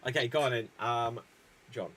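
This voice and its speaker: A man's voice: mid-range voice, a bit bright, a little hiss or hum. Man hosting an improv show. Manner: chatty, explains rules briskly.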